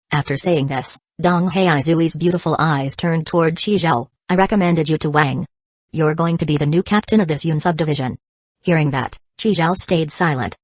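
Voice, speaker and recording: A woman narrating an audiobook in an even, steady reading voice. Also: deep voice, dry recording, clean studio sound. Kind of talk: scripted narration.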